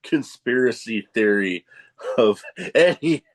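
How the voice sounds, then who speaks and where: A man's voice: mid-range voice, lively intonation, slow. A man hosting a podcast in a casual interview chat. He laughs often and wanders into rambling asides. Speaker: podcast host.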